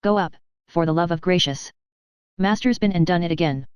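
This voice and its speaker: A woman's voice: lowish voice, brisk, a little mellow, clean tone, no room sound, studio quality, close to an everyday voice. A synthetic woman's voice reading the part of a flustered young female servant, agitated and breathless.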